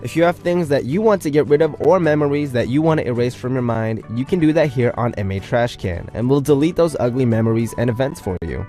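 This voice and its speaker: A man's voice: medium pitch, animated, brisk, few pauses, dark tone, soft background music. A young man hosting a radio show, reading out listener messages in a playful, chatty way and joking about himself.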